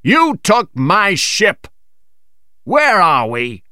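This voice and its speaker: A man voicing a hot-tempered ship captain who shouts in outrage. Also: high voice, wildly swooping pitch, takes it slowly, dry recording, clean studio sound, voice pushed up, full character voice. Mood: furious.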